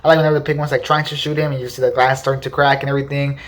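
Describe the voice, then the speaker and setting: Fast-talking enthusiastic man reviewing films. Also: medium pitch, flat delivery. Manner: enthusiastic, filler-heavy, repeats "really, really". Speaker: movie reviewer. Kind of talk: casual spoken film review.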